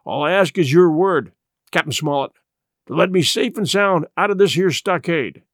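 A man's voice: on the high side, normal speed, no room sound, studio quality. A man doing Long John Silver, a crafty pirate. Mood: bargaining. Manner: hearty, wheedling, salty sailor talk. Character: crafty one-legged male pirate leader, bluff and cheery. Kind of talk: audiobook character reading.

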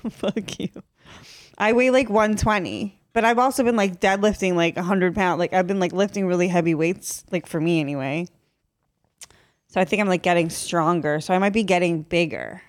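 A woman's voice: lowish voice, brisk, dry recording. A woman hosting a podcast in casual, playful banter, laughing often and swearing, on a close studio mic. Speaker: podcast host.

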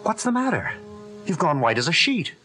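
An actor playing an insistent young husband in a 1960s radio drama, pressing and needling. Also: male voice, fairly high pitch, very animated, normal speed, sharp tone, faint music behind.

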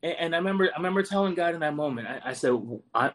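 A man's voice: fairly high pitch, animated, very fast. A man in his forties, a Marine veteran guest, earnestly telling a personal story and often repeating words as he goes. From United States.

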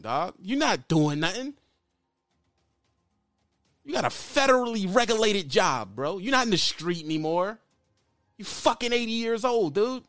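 A man in a heated call-out rant, blunt and mocking, circling back to the same jabs. His voice sits a little high for a man, close and dry with no room sound. Faint music plays underneath. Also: a bit bright, no echo. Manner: blunt and mocking, repeats lines. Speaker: YouTuber calling out another trucker.

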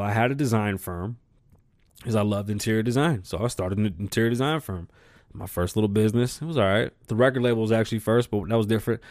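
A man's voice: lowish voice, a little mellow, no echo, studio quality. A man hosting his own show, ranting bluntly about politics and business in a profane, repetitive way. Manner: blunt, profane and repetitive, building to heated outbursts. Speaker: show host. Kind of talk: opinion rant monologue.

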